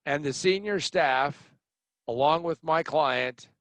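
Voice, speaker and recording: A middle-aged man telling a personal story in a blunt, animated way, acting out other people's lines. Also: a little high, slow, dry recording. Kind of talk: storytelling monologue.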